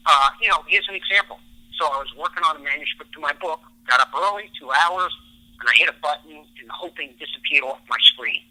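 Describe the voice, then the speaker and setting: Man with a very bright, higher voice. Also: poor audio. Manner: explains science with everyday stories. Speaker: podcast guest, relationship expert. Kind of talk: podcast interview.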